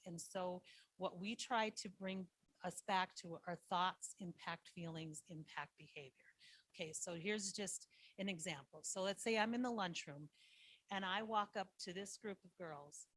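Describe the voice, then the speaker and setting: A woman's voice: on the low side, fairly bright tone, no echo. A woman, a school social worker, giving a presentation to foster parents and quizzing her listeners with frequent "right?". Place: online meeting.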